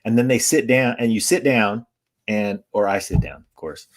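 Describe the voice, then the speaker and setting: A man's voice: lowish voice, moderate pace. A man co-hosting an interview over a video call, telling stories and introducing a guest with enthusiasm. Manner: storytelling, enthusiastic, restarts. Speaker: co-host, drummer. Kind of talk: casual interview chat.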